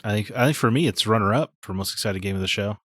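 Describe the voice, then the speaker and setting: A man with a low voice gives blunt, opinionated takes in loose podcast chat. The sound is dry and close, with no room around it. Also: fast talker, fairly bright tone, no echo. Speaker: podcast co-host. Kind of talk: casual chat.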